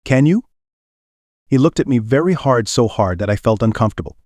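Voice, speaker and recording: A man reading a mystery novel aloud in measured, even storytelling. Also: mid-range voice, no echo, studio quality. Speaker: audiobook reader. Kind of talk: scripted narration.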